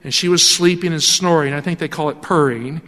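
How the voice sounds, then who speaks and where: Animated pastor in an echoing church. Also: male voice, a little high, brisk. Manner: animated storytelling with acted-out quotes. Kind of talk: sermon. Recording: long hall reverb.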